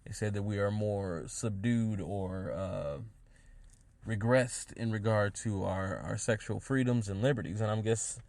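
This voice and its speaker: Low-voiced man musing aloud, halting. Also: fairly even intonation, gravelly, darkish tone, no echo. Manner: halting, restarts phrases often, musing aloud. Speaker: podcast host. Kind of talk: casual solo commentary.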